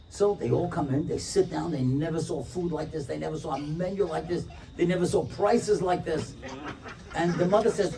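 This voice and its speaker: Man, rabbi, storytelling talk, animated, mellow voice, distant mic. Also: fairly high pitch, moderate pace, creaky. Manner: animated, acts out the characters' lines. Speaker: rabbi, speaker. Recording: distant mic with faint room noise.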